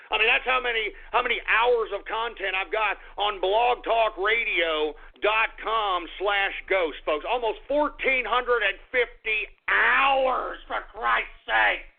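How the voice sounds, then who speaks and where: Male talk radio host, very high gravelly voice, explosive exasperated ranter, tinny phone-line sound. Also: takes it slowly, hardly any pauses. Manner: explosive, swearing, exasperated rants. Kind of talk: ranting internet radio talk.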